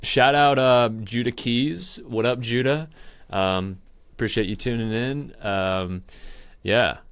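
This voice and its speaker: A man's voice: mid-range voice, takes it slowly, a bit bright, clean tone, no room sound. A young man hosting a podcast, telling rambling stories in casual chat, laughing often and acting out other people's lines. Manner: rambling storyteller, laughs often, mimics voices. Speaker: podcast host.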